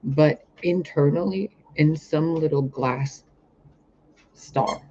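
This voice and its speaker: This man, a spiritual reader, has a fairly high, slightly mellow voice and speaks slowly. Addressing the camera, he gives an intense, rambling, profane account of a vision, captured on a camera mic with dull lo-fi sound and faint hiss.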